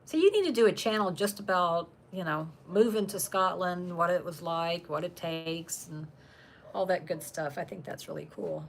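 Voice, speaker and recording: A woman's voice: fairly low pitch, big pitch swings, moderate pace, a little hiss or hum. Chatty woman on a home livestream. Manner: chatty, laughs often, talks to her dogs. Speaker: channel host reading live chat. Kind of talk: casual live-stream chat.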